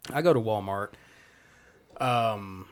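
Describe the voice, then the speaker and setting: A man, telling a rambling, profanity-laced story in casual chat. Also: on the low side. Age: 30s. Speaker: comedy podcast host.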